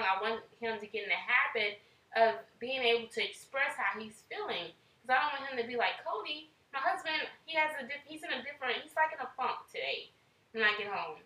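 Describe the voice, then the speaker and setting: A woman's voice: on the high side, pushed and bright, recorded from a distance. A woman in casual conversation, speaking earnestly about raising children and acting out little quoted exchanges. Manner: earnest, talks with her hands in quotes, acts out parent and child lines. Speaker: parent in a podcast conversation. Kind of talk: casual chat. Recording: echoey room, set back from the mic.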